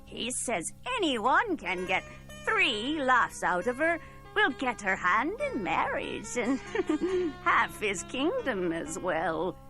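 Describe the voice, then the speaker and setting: A woman voicing a knowing old woman who confides news slowly. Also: fairly high pitch, wildly swooping pitch, sharp tone, soft background music, exaggerated voice. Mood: confiding.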